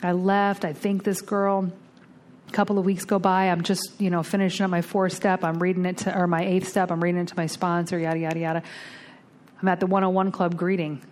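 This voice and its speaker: A woman speaking at a twelve-step recovery meeting, telling a blunt, salty story with lively storytelling and acting out the other voices. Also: lowish voice, fairly quick, a little hiss or hum. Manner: lively storytelling, acts out the voices in her tale; blunt and salty, casual swearing.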